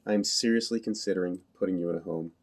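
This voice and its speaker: A man's voice: low voice, fast talker, slight background noise, lightly acted. A man reading aloud as a weary, fed-up mother speaking to her son. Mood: exasperated.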